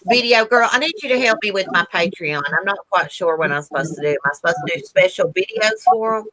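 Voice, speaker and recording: A woman's voice: medium pitch, sing-song, fast, fairly bright tone, poor audio. A woman from Northern Virginia hosting a casual live stream, chatting and greeting viewers by name. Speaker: livestream host.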